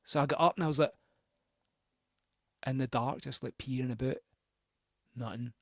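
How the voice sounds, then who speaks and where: A man's voice: medium pitch, steady tone, moderate pace, a bit bright, dry recording, studio quality. A man hosting a record show, telling a rambling, sweary, self-mocking anecdote between records. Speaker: radio host spinning records.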